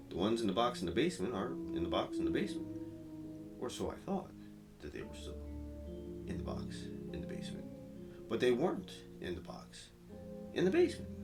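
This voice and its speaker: A man telling a crude, rambling comedic story with lots of profanity, recorded from a distance with music behind. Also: mid-range voice.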